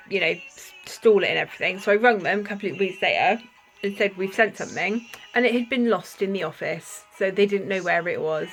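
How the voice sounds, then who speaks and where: A woman's voice: lowish voice, fairly bright tone, poor audio. A woman talking to camera in a casual vlog, emphatic and indignant with apologetic asides. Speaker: vlogger.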